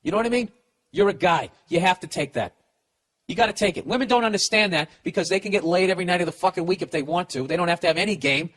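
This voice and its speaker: Profane, stammering man with a higher voice. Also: fairly bright tone. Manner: profane, blunt, stammering restarts. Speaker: podcast host. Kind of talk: comedic advice rant.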